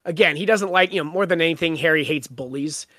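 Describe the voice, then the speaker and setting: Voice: mid-range voice, quick pace, fairly bright tone, no echo. Chatty book podcast host, dry close mic. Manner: laughing, retells scenes with quoted lines. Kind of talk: casual book discussion.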